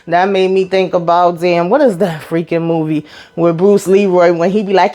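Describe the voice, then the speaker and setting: A woman's voice: fairly low pitch, normal speed. Chatty, profane woman recapping a show. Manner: animated, swears freely, acts out quotes. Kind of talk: casual reality-show recap commentary.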